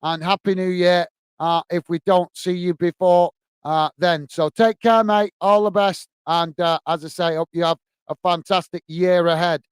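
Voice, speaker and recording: A man's voice: high voice, steady tone, normal speed, clean tone, no room sound. A man hosting a football fan livestream, casually reading out viewer comments in a friendly, chatty way, full of "uh" and "mate". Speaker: football channel host.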